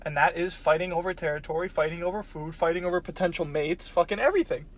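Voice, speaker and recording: A young man in his early twenties argues his view on a laid-back podcast, blunt and sure of himself, cursing freely. His voice sits a bit higher than most men's. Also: fast. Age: young adult. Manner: blunt, opinionated, swears freely. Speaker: podcast co-host. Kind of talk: casual chat.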